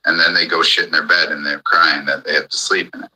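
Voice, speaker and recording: A man's voice: a bass voice, level tone, quick pace, few pauses, pushed and bright, husky, poor audio. A man in an angry, profane ranting monologue on a live audio chat, hammering the same points again and again. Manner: furious, profane, repetitive.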